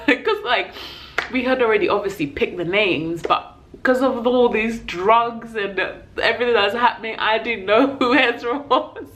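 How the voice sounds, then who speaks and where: A woman's voice: fairly high pitch, a little slow, fairly bright tone, slight background noise, low-quality recording. A young woman with a London accent, a vlogger telling an emotional personal story in a heartfelt, tearful way. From England. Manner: tearful, heartfelt, acts out voices in her story.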